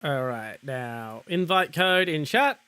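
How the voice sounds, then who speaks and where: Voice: medium pitch, lively intonation, slow, bright, forceful tone, clean tone, no echo. Sarcastic grumbling streamer from Australia. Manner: grumbling, sarcastic, muttering to self. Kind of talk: casual live-stream chat while gaming.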